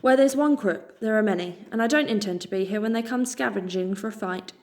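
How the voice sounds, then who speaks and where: A woman voicing a tall, battle-scarred male rat with a British accent, calm, terse and wise. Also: mid-range voice, fairly quick, slight background noise, natural voice. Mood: grave.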